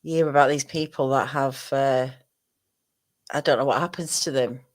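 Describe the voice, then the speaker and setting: A woman's voice: very deep voice, fairly even intonation, moderate pace. Northern English woman hosting, hesitant. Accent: plain Northern English. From northern England. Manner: hesitant, many restarts and fillers. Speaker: host. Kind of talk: casual conversation.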